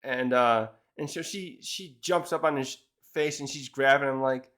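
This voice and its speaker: A man's voice: mid-range voice, normal speed, hardly any pauses, a bit bright. A man casually reviewing a manga chapter, retelling it in a rambling way with many restarts.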